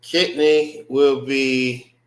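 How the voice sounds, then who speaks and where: A man teaching an informal language class, slow and repetitive, casual in his talk. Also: medium pitch, little pitch movement, distant mic. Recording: roomy, from off-mic.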